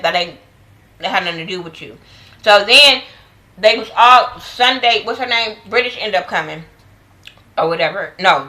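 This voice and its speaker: A woman's voice: mid-range voice, sharp tone, low-quality recording. A woman giving a blunt, profane, slang-heavy casual review of a reality TV episode. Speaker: reality TV recap vlogger.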